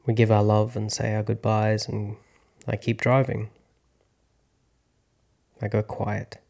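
A man in his thirties, a podcast host and actor, narrates a first-person story slowly and reflectively. His low voice is gravelly and flat.

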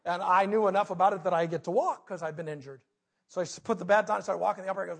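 A man preaching a sermon, telling a personal story with big swings between loud outbursts and hushed moments. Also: high-pitched, rapid-fire, vocal fry. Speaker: pastor.

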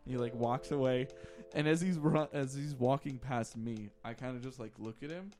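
A man's voice: mid-range voice, moderate pace, dark tone, soft background music. A man telling a funny school story in casual podcast chat, laughing often.

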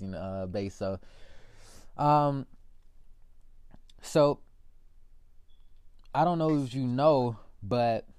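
A man's voice: lowish voice, dark tone. A young man ranting casually to his viewers, profane and rambling, calling them y'all. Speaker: political vlogger.

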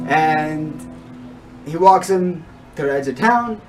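Speaking slowly but with real animation, this rabbi's fairly high voice carries a weekly Torah talk told as a story, peppered with Yiddish and Hebrew. Loud guitar music plays, and the mic picks him up from afar.

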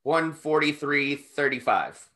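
Bright-voiced, wry podcast co-host. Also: male voice, a little high, animated, slow. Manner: wry, joking, keeps count aloud. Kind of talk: casual watch-along chat.

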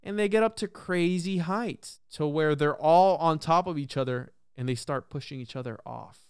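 A man in a casual podcast conversation, telling a story in an animated, profane way, full of "bro" and "like". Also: on the high side, moderate pace, smooth, dry recording, studio quality. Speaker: podcast guest or host.

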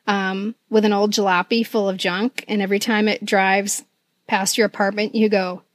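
A woman's voice: mid-range voice, moderate pace, no room sound. A woman co-hosting a podcast, telling stories in casual chat with frequent laughter. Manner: chatty, animated storytelling, laughs often. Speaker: podcast co-host.

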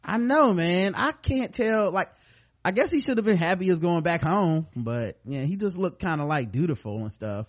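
A man's voice: high-pitched, lively intonation, moderate pace. A man hosting a podcast, recapping a show in loose, profane, storytelling chat. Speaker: podcast host.

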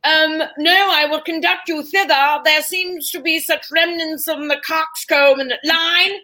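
A woman's voice: sits high, fairly even intonation, sharp tone, pitched above the performer's own voice. Woman putting on a pompous English stage actor. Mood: mock-grand. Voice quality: mock-grand, halting.

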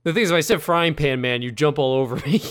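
A man's voice: a little high, fast talker, a crowd in the background. A man co-hosting a casual podcast, laughing often and joking at his own expense. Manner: laughing, self-deprecating, profane. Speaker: podcast co-host.

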